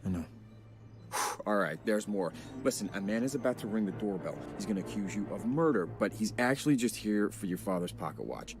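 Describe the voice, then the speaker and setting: An actor voicing a tense young husband in a video game, speaking in an urgent, hushed and earnest way. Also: male voice, on the low side, expressive, brisk. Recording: game audio with music behind.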